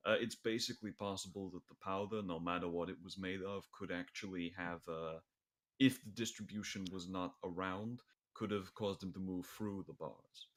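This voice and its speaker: A man voicing a chatty, rambling sidekick who relays a professor's explanations, with a low voice. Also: steady tone, fairly bright tone. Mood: explaining. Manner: rambling, halting, uses "yous". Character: chatty male sidekick explaining science, casual.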